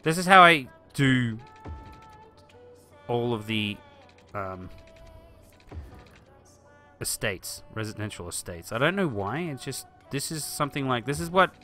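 A man's voice: mid-range voice, very animated, a little slow, long pauses, bright, forceful tone, faint music behind. A man chatting casually through a live stream of a city-building game, thinking aloud and answering viewers. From Australia. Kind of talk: live-stream gameplay commentary.

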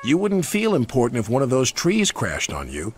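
A man's voice: medium pitch, wildly swooping pitch, normal speed, a little hiss or hum. A man voicing a small, earnest male engine who speaks in a confiding, reproachful way. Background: music.

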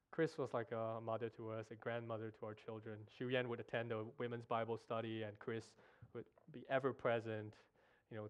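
Earnest man preaching, halting and emotional. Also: medium pitch, smooth, muffled recording. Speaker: guest preacher. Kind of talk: sermon. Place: church sanctuary.

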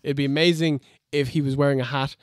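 A man's voice: mid-range voice, fairly even intonation, quick pace, dry recording, clean studio sound. A man co-hosting a casual review chat, ranting mockingly and laughing often. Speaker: co-host.

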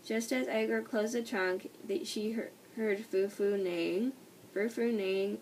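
Reading a children's storybook aloud, a woman speaks at a middle pitch in a steady, darkish tone, slow and careful. She often slips and restarts her words. She sounds distant from the mic over a faint hiss.

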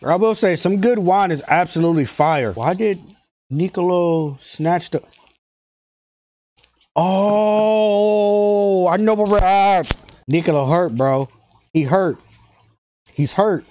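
A man hosting an anime reaction video, talking in excited, slangy casual commentary, laughing often and repeating himself. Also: on the high side, a little slow. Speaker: anime reaction channel host.

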